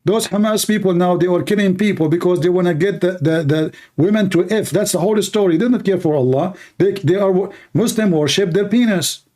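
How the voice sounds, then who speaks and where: A man whose first language is Arabic, speaking English with a fairly high voice. He hosts a live debate stream and presses his caller with blunt, mocking questions, repeating each one until he gets an answer. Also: a little fast, few pauses, dark tone. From Middle East.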